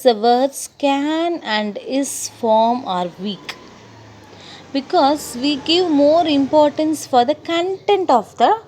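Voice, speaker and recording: A woman teacher giving a recorded English lesson, speaking deliberately and repeating her key points. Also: high-pitched, darkish tone, slight background noise.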